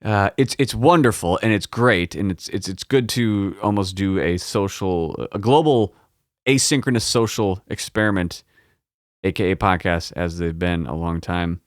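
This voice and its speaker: A man's voice: low voice, normal speed, no room sound, clean studio sound. A man hosting a pinball podcast, rambling and swearing in casual solo chat. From United States. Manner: rambling, profane, self-mocking. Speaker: podcast host.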